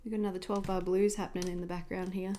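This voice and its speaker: A woman's voice: lowish voice, little pitch movement, rapid-fire, mellow, slight background noise. A woman in her thirties chatting casually and rambling at her home desk while she sets up her journal on a livestream. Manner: chatty, rambling, easily sidetracked. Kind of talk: casual chat while crafting.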